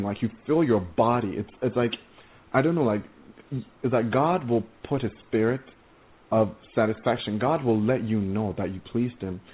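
A male preacher giving an earnest testimony sermon, often stumbling and repeating words as he tells of his vision. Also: mid-range voice. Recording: tinny phone-like audio.

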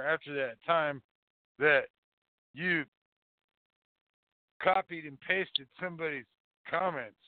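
A man's voice: on the high side, takes it slowly, pauses often, no room sound. A man hosting a call-in show, rambling casually with profane, mocking jokes. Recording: phone-like dry lo-fi audio.

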